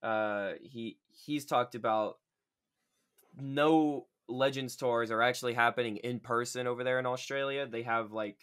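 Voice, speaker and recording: A man hosting a casual podcast, talking in an animated, chatty way. His voice has a bright, forward edge at an everyday mid pitch. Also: clean tone. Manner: animated, chatty, quick to laugh. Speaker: podcast host.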